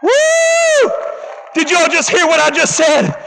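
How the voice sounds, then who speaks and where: A man's voice: extremely high pitch, normal speed, creaky, loud music behind the voice. A man preaching a sermon with passion, driving points home through rhythmic repetition and calling out to the congregation. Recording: long reverb in a large hall.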